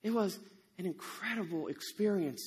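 The biblical farmer-hero Gideon, played by a man in a dramatic monologue, timid yet bold. He tells his tale in a high, animated voice, by turns exasperated and wry. A long hall reverb trails every line. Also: moderate pace, slightly rough. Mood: earnest. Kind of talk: first-person dramatic monologue.

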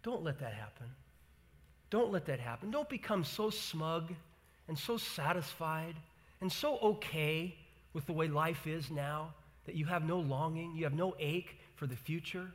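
A man preaching a sermon, moving between hushed earnest passages and emphatic rising declarations, often repeating phrases for effect. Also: high-pitched. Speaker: pastor.

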